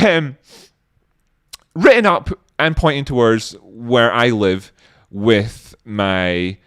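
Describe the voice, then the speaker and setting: A man hosting a live stream, giving sarcastic, scornful, ranting news commentary with swearing and sudden jumps in pitch. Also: a bit bright, no room sound, studio quality. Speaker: livestream host.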